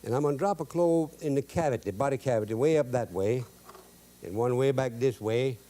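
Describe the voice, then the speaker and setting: With a warm, mid-range voice and a fairly quick pace, a man hosts a cooking show in Cajun English. The demonstration is folksy and full of jokes, delivered in a drawl with homespun, broken grammar.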